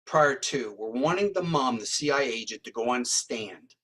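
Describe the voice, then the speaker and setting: A man from Canada, a guest in an interview, telling a long story in a rambling, animated way and acting out what others said. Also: mid-range voice, moderate pace. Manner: rambling, acts out quoted dialogue.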